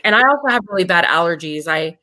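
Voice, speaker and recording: A woman in casual chat, telling an animated story with some swearing. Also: lowish voice, quick pace, no room sound, low-quality recording. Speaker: group chat participant.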